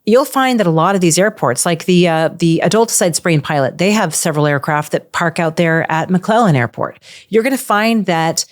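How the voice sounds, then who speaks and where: A woman guest telling her story in casual conversation, animated and full of restarts. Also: on the low side, moderate pace, few pauses, dry recording, studio quality.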